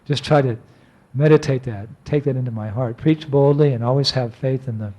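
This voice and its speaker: A man, a monk, giving an animated, anecdotal lecture and chuckling often as he tells stories. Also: medium pitch, brisk, muffled recording.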